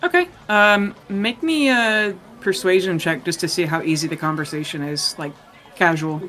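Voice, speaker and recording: A man's voice: high-pitched, moderate pace, pushed and bright, a little hiss or hum. A man narrating as game master of a tabletop game, in a loose, rambling, joking way.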